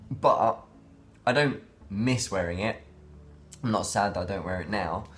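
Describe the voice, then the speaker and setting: A man's voice: fairly low pitch, measured pace, fairly bright tone, slight background noise. A man talking in a casual daily vlog, rambling and reflective, with many fillers and restarts. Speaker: vlogger.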